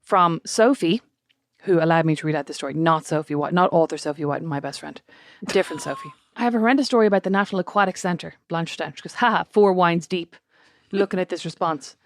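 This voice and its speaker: A woman's voice: on the low side, dry recording, studio quality. An Irish woman co-hosting a podcast, reading listener messages aloud with wry, chatty asides. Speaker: podcast co-host.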